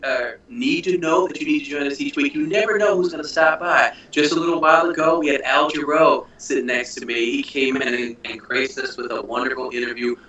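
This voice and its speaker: A man hosting a relaxed talk show over a phone call. His voice is bright and chatty, and the line sounds echoey and far from the mic. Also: a little high, brisk, few pauses. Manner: upbeat, joking, chatty. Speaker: host. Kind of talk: casual chat. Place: abroad on tour, calling in. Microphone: phone call over Skype.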